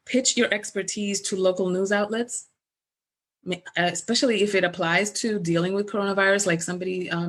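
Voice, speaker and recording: A middle-aged woman business coach giving a conversational webinar presentation over a video call, an animated storyteller. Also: medium pitch. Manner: animated storyteller, acts out remembered dialogue.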